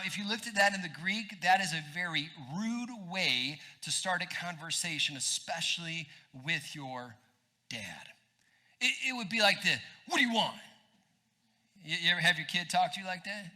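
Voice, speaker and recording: A pastor preaches in church with a high, lively male voice. His tone is very bright and cutting, and he talks conversationally, throwing quick asides to the congregation. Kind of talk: sermon.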